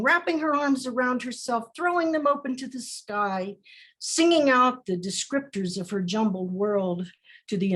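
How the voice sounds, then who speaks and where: A woman poet reading her poems aloud over a video call in a slow, deliberate recitation with measured pauses. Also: on the high side, fairly bright tone. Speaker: featured poet. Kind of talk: poetry reading.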